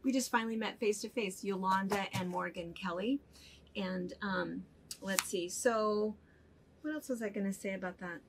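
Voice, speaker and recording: Co-hosting a fabric shop's casual chat show, this older woman tells chatty stories and laughs frequently along the way. Her mid-range voice moves at a moderate pace, with a little hiss or hum in the recording.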